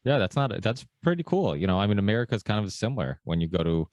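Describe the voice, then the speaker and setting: A man's voice: fairly low pitch, sing-song, fast, darkish tone, no echo, studio quality. A man hosting a podcast, chatting easily and telling stories in a loose, conversational way. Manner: easygoing, chatty, quotes himself with "I'm like". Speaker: podcast host. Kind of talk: casual podcast chat.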